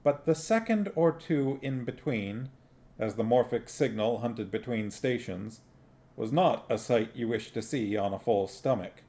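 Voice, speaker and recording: A man reading a novel aloud on a stream, in an unhurried, plainly spoken way. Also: medium pitch, lively intonation, dark tone. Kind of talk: book reading with casual commentary.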